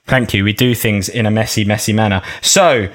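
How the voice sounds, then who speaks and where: A man's voice: fairly low pitch, steady tone, brisk, a bit bright. A man hosting a podcast in loose, joking chat, swearing freely. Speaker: podcast host.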